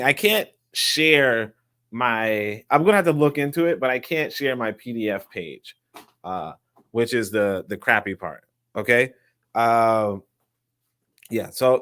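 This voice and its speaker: A man reads a book aloud at a halting pace, correcting himself and stopping for chatty asides. His voice sits at an ordinary middle pitch. The sound is dry and close to the mic. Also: fairly bright tone, dry recording. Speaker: channel host reading a book aloud. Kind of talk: casual live reading with asides.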